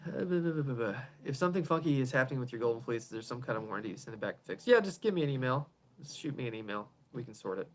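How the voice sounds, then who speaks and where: A man building pedals and hosting a casual live stream from his garage, answering viewers in a rambling way, often chuckling and trailing off quietly at the ends of thoughts. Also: mid-range voice, expressive, rapid-fire, hardly any pauses. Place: home garage.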